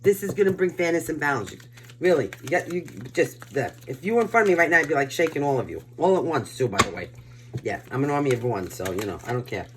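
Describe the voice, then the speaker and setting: A woman's voice: low-pitched, lively intonation, fast talker, slight background noise. An older woman from Brooklyn with a New York accent, giving a casual collective tarot reading in a blunt, emphatic, pep-talk way. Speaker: tarot reader.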